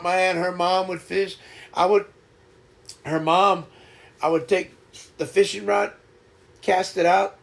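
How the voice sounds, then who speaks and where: Guy on a live stream, high voice, real gravelly, keeps laughing while he tells a story. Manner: laughs often, animated storytelling. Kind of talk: casual storytelling chat.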